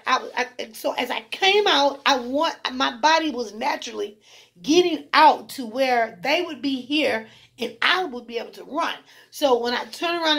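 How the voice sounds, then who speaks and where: A woman telling a long, animated first-person account of a dream, acting out what she said in it. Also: high-pitched, gravelly. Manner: animated storytelling, acting out her own past words. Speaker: spiritual channel host.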